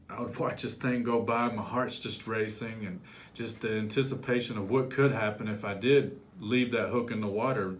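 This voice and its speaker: A man who works as a life coach speaks straight to his viewers in a plain, mid-pitched voice. He tells his story in an animated way and slips into his younger self's voice for the exciting parts. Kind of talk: personal storytelling to camera.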